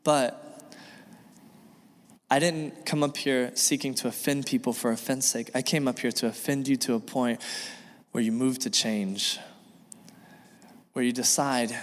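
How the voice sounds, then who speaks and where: A man's voice: medium pitch, steady tone, a little slow, pauses often. Man preaching in a reverberant hall. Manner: earnest, repetitive preaching with acted dialogue. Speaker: pastor. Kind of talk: sermon. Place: church sanctuary. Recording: long reverb of a church hall.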